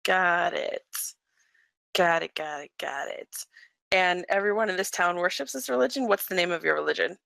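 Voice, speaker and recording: A woman playing a tabletop game, asking brisk, direct questions in character and out. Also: on the low side, creaky, a bit bright, no echo. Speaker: player. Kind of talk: tabletop role-play.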